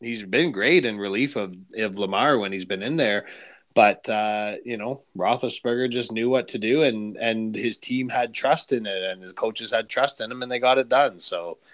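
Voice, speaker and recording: Guy with lowish voice talking football on a podcast, loose and rambly. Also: moderate pace, a bit bright. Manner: thoughtful, rambling analysis with fillers. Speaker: podcast co-host. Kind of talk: casual sports chat.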